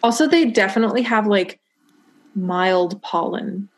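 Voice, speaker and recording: A woman's voice: medium pitch, measured pace, a little hiss or hum. A young woman co-hosting a casual book-club podcast, giggly and rambling, full of "like" fillers. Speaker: podcast co-host.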